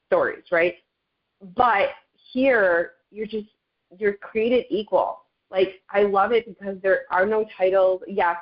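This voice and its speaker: Woman, middle-aged, lowish voice, chatty, upbeat, motivational testimony, video call, muffled lo-fi audio. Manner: chatty and upbeat, often addresses listeners as "you guys". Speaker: guest speaker on a network marketing call.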